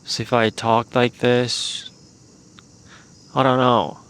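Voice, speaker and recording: A man hosting a casual solo podcast, talking in a relaxed, meandering way into a handheld microphone while outdoors. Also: mid-range voice, slow pace, clear, resonant tone. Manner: relaxed, meandering, with many "like" fillers. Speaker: podcast host. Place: outdoors in a remote spot.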